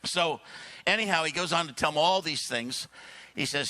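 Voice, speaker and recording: A man speaking at a church service, telling a long story with lively asides and frequent throat clearing. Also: a little high, normal speed. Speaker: guest speaker. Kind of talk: sermon storytelling.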